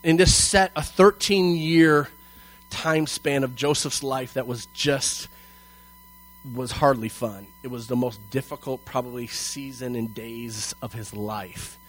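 A man's voice: medium pitch, fairly bright tone, poor audio. A man preaching a sermon, reading scripture and explaining it in a conversational, emphatic way, often checking in with "okay?". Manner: slows and stresses key phrases, rising in intensity.

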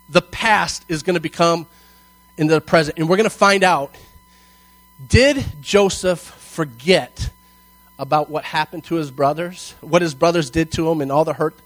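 In a dry, rough recording, a man whose voice runs on the high side reads from scripture and unpacks it in an emphatic, conversational sermon. He keeps asking "okay?", slows to lean on key phrases, and builds in intensity.

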